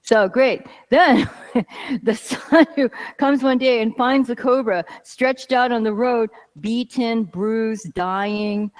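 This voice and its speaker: A woman's voice: fairly high pitch, slow. A woman teaching a yoga class, talking casually and telling a story with asides.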